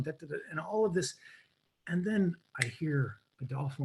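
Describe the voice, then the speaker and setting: Man, slightly high voice, video call, storytelling, animated, whispers quotes. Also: moderate pace, a little hiss or hum, rough recording. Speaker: guest coach. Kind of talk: storytelling in a live webinar.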